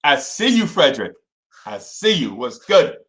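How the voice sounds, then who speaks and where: A young man hosting a casual fan livestream, repeating himself and shouting out viewers by name. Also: fairly high pitch, very animated, moderate pace.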